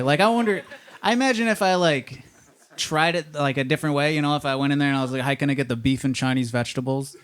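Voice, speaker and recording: A man doing a stand-up set on a comedy club stage, rambling and conversational, asking the crowd if they know what he means. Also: a little high.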